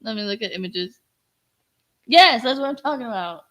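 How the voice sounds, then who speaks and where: A woman's voice: fairly high pitch, lively intonation, moderate pace, a bit bright. A woman in her thirties co-hosting a casual live stream, playful and giggly. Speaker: stream co-host. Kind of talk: casual joking chat.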